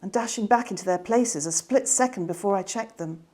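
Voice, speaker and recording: A woman reading her children's novel aloud in a gentle, expressive way. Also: medium pitch, brisk. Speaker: author reading her book.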